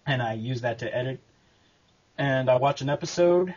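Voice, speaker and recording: A man answering interview questions about making his abridged series, talking casually and haltingly with lots of fillers and restarts. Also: medium pitch, darkish tone, husky, highs cut off. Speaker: abridged series creator and voice actor.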